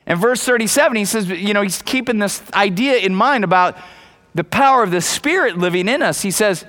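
A man's voice: sits high, expressive, brisk, a bit bright. A male pastor preaching a sermon emphatically, repeating key phrases and calling on the congregation.

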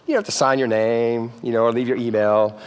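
A man's voice: medium pitch, steady tone, fairly quick, smooth, in a large hall. A man preaching a sermon in a church, playful and joking, often checking in with the crowd. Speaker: pastor. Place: church sanctuary.

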